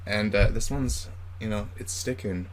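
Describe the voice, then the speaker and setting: A man co-hosts a casual beer review show, chatting in a playful, rambling, joking way. His voice sits on the low side and moves at a measured pace.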